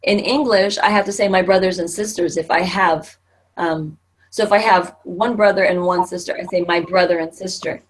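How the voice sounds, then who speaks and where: Husky-voiced woman teaching a Spanish class. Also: fairly low pitch, steady tone, moderate pace. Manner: patient, explanatory, many fillers and restarts.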